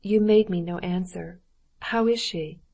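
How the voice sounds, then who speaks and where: A woman's voice: fairly low pitch, measured pace, gravelly, mellow. A woman voicing a kind married woman who pleads for her friend in an earnest, imploring way. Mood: pleading.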